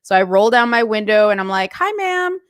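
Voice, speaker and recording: A woman vlogger telling a story in a casual, animated rant full of asides. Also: mid-range voice, fast talker, smooth, no echo, studio quality. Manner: chatty, animated retelling with asides.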